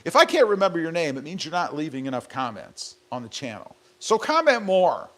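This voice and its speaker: A man chatting casually as he hosts a live stream from his garage. He reads out viewer comments one by one, joking and rambling between them, with a voice pitched a bit high for a man. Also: wildly swooping pitch, a little fast, a bit bright. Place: home garage.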